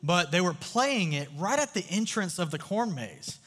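This youth speaker has a high-pitched, sing-song voice that's fairly bright, moving at a moderate pace. Before a live crowd in a large, reverberant hall, he tells stories in a casual, chatty sermon, cracking jokes and often asking the audience questions.

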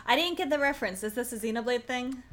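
A woman co-hosts a gaming podcast in an easy, conversational tone. Her voice sits a little high, and she asks a lot of curious follow-up questions. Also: lively intonation, fast, fairly bright tone. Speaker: podcast co-host. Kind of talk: casual gaming podcast chat.

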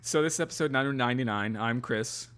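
A man's voice: medium pitch, fast talker, background noise. A man co-hosting a podcast in casual comedic chat, joking and rambling, often trailing off mid-sentence. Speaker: podcast co-host.

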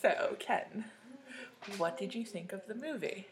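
A woman hosting a podcast in casual chat, rambling and chatty with plenty of fillers and soft asides. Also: mid-range voice, expressive, a little slow, heavy background noise. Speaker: podcast host.

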